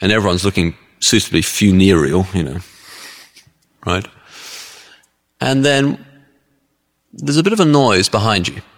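Guy preaching a sermon, chatty and storytelling, really lively up and down voice, long echo hall. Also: on the low side, unhurried, long pauses. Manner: conversational, animated storytelling with acted-out voices.

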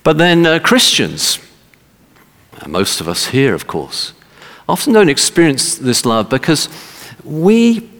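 Male preacher, gravelly voice, lively swooping delivery, long hall reverb. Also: fairly high pitch, slow pace. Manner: emphatic, animated preaching with repeated words. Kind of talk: sermon.

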